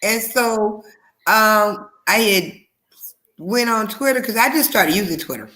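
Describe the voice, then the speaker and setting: A woman's voice: medium pitch, lively intonation, measured pace, sharp tone. A woman co-host in casual chat, talking in a rambling way with frequent restarts and easy laughter.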